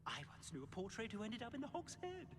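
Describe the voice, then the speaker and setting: A pompous, indignant portrait with rolled R's. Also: male voice, very high-pitched, wildly swooping pitch, fast, a crowd in the background, exaggerated voice. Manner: theatrical, rolled R's, voice swooping up and down. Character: pompous fussy male portrait, aristocratic and indignant.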